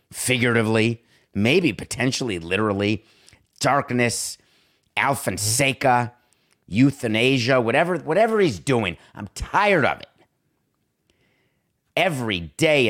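Man, sports talk host, monologue, sarcastic, exasperated, animated. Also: medium pitch.

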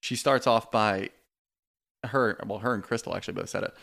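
Speaking at a moderate pace, he has a fairly low, gravelly voice with a bit of brightness. On the podcast he co-hosts, he chats candidly about a reality show, swears without restraint, and quotes cast members.

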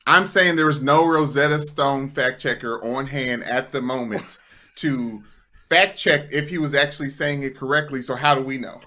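A man's voice: mid-range voice, fairly even intonation, moderate pace, pushed and bright. A man who produces the podcast, joking and defending himself in casual chat.

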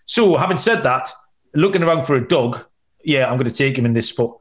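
A man's voice: mid-range voice, lively intonation, fairly quick, dull audio. A man hosting a sports betting podcast, chatty and rambling with many ums, tossing in cheeky asides. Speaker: podcast host, betting analyst.

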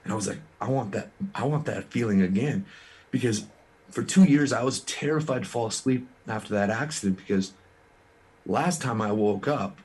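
A man from Canada, guesting as a musician in an interview, has a medium-pitched, somewhat mellow voice with a breathy edge. Earnest and frank, he tells his story with quick restarts.

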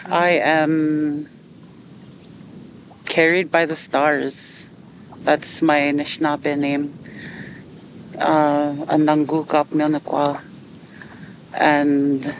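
A woman's voice: sits low, a little hiss or hum, low-quality recording. A middle-aged woman from Canada, speaking in a reflective documentary interview, hesitant, with many fillers and restarts.

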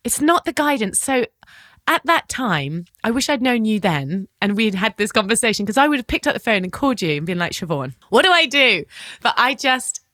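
Animated woman, dry close sound. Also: on the high side, fairly quick, no echo. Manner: animated, acts out dialogue, casual swearing, laughs often. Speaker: podcast host. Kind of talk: lively personal storytelling in conversation.

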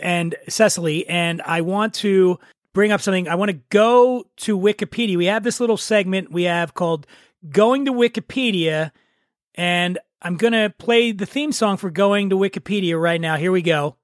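A man's voice: high-pitched, moderate pace, dry recording, studio quality. Playful man hosting a chatty podcast. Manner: playful, joking, quiz-show teasing. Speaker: podcast host. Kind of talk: casual chat.

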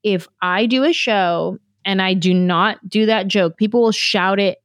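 A woman's voice: mid-range voice, unhurried, no room sound, clean studio sound. A woman in her thirties from California, a comedian telling stories from her career in a casual interview. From San Jose, California. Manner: animated, quotes herself in little voices. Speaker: comedian guest.

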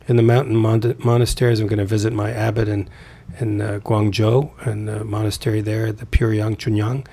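A man with a fairly low, mellow voice, a Taoist author, appears as a guest on a podcast. His talk is casual and rambling, and he often restarts and repeats words.

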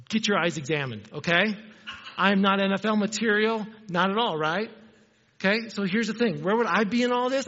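A man's voice: high voice, fairly bright tone. A man preaching a sermon in a conversational way, often putting questions to the congregation in a church. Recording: dull audio with long hall reverb.

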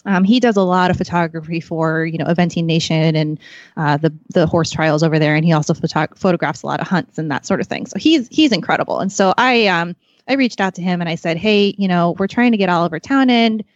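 A woman's voice: fairly low pitch, quick pace, no room sound, dull audio. A woman chatting as a podcast guest, rambling with many fillers and calling herself awkward. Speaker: podcast guest, magazine staffer. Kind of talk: casual chat.

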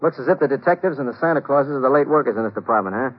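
A man's voice: medium pitch, expressive, racing, a little hiss or hum, lightly acted. A man playing a cocky, flippant young private detective who narrates his own story in a 1950s radio drama. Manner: flip, wisecracking. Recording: muffled old 1950s radio broadcast with music.

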